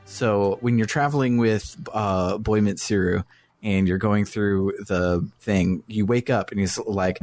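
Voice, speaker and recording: Man, low voice, relaxed, recounts scenes, casual podcast. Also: unhurried. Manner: relaxed, retells scenes with laughter. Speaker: podcast co-host. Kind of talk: casual game discussion.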